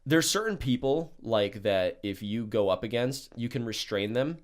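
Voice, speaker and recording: A young man tells a story on his podcast in casual chat, swearing freely and acting out the lines of the people in it. His pitch swings widely up and down. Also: normal speed. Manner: animated, swears a lot, acts out quotes. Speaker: podcast host telling a story.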